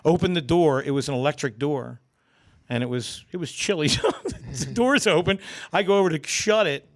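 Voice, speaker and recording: A man's voice: on the high side, normal speed. A man, a guest comedian, telling stories on a podcast, swearing and acting out the voices of people in them. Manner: animated, acts out voices, swears freely. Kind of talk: storytelling on a podcast.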